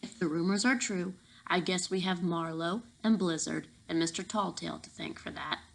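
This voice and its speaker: A woman reading an audiobook, voicing a huge gruff male security guard who talks in a hushed, urgent way. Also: lowish voice, normal speed, low-quality recording.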